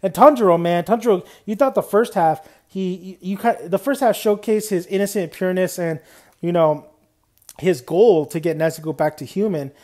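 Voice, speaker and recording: A man's voice: high-pitched, normal speed, mellow. A young man giving a casual, unscripted anime review, rambling loosely and dropping "man" and "you know" often.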